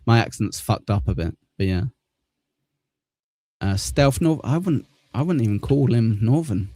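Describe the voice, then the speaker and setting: Hosting a laid-back live stream, a man from southern England with a Mancunian accent jokes and curses frequently about his own misfortune, laughing at himself. His voice is mid-range, animated yet unhurried, and dark, recorded without room sound.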